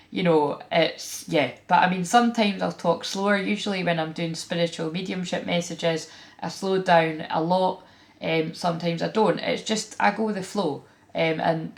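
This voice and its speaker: A Scottish woman talks through a spiritual reading in a frank, animated, chatty way, full of fillers and quick asides. Her voice sits on the low side and carries a gravelly, fry-tinged edge. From Scotland. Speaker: tarot reader and spiritual channeler. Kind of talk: casual spiritual vlog talk.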